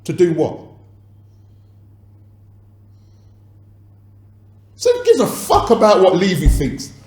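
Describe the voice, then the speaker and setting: An actor playing an agitated record label boss, arguing on the phone and swearing. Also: male voice, high voice, huge pitch swings, brisk, darkish tone, reverberant. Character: angry male London record boss on phone. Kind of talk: dramatized film phone calls.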